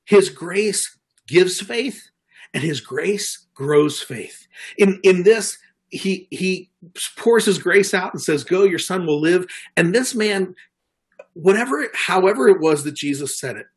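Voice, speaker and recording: A man's voice: high-pitched, lively intonation, takes it slowly, slightly rough. A middle-aged man preaching a sermon in an earnest way, often repeating words and restarting. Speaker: pastor.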